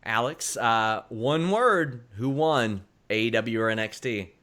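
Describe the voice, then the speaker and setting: A man hosting a podcast, giving brisk, emphatic opinions in casual chat, with frequent "uh" fillers. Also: medium pitch, expressive, pushed and bright. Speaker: podcast host.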